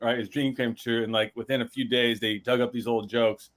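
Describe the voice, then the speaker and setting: A man's voice: mid-range voice, level tone, fairly quick, a bit bright. A man co-hosting a casual podcast, telling stories in a rambling, hesitant way. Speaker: podcast co-host. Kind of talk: casual chat.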